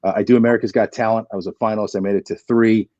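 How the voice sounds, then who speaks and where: A man in his forties, a podcast guest, telling an animated story with plenty of energy and acting out the dialogue. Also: on the low side, very fast, no echo, dull audio.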